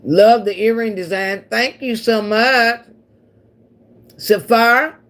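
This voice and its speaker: A woman's voice: on the high side, slow pace, a bit bright. A woman from the central United States, hosting a casual livestream and chatting with viewers in a rambling way, laughing often. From United States, Missouri and Oklahoma. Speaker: livestream host.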